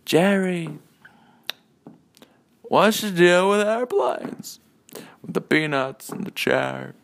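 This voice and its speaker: A man's voice: high voice, expressive, slow pace, creaky, pitched above the performer's own voice, full character voice. A man doing a bemused stand-up comic. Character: quippy male stand-up comic, observational.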